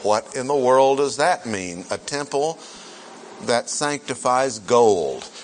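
A male pastor teaching through scripture at an unhurried, measured pace. He speaks in a mid-range voice, repeats his key points and asks his listeners rhetorical questions. Faint ambient noise sits behind him. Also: mid-range voice, expressive, a little mellow. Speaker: pastor teaching a Bible class. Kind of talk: sermon-style Bible teaching.

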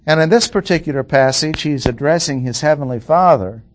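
A middle-aged man teaching a Bible lesson in a slow, deliberate way, repeating key phrases for emphasis. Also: a little high.

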